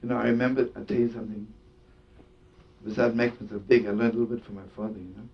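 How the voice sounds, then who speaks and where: This rabbi and storyteller is a fast talker with a level tone. He tells a story as a sermon, full of Yiddish words and laughter, though the recording is distant, dull, and lo-fi, with a faint rumble in the background.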